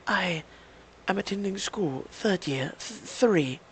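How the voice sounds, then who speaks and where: A man voicing a mysterious veiled foreign woman student who speaks in halting, broken phrases. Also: high-pitched, lively intonation, a little hiss or hum, voice pushed up. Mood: earnest.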